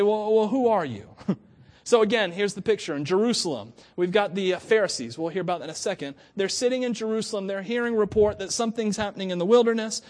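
A man preaching in a relaxed, conversational way, with a fairly high voice. He laughs often and slips into quoted voices to act out the scene. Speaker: pastor. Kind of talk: sermon.

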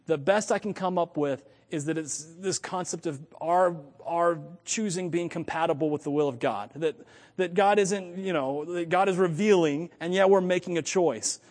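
Animated high-voiced man preaching in a hall. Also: normal speed. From United States. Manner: animated, self-correcting, thinks aloud. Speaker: pastor. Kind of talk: sermon.

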